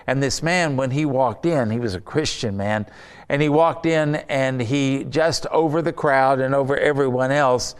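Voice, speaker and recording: A man preaching a sermon, telling stories with conversational asides and reading scripture slowly and emphatically. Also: mid-range voice, smooth. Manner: conversational storytelling with rhetorical asides.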